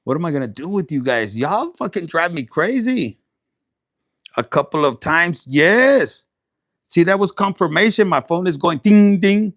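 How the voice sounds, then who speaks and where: A man's voice: a little high, sing-song, normal speed, a bit bright. A man hosting a tarot livestream, chatting casually to viewers in a crude, playful, laughing way and mixing in Spanish words.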